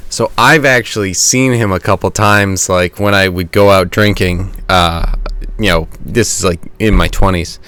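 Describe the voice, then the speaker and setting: A man's voice: deep voice, steady tone, normal speed, a bit bright, smooth. A man in his thirties telling a rambling story to friends, laughing as he goes. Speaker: player in a tabletop game podcast. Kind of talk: casual storytelling among friends.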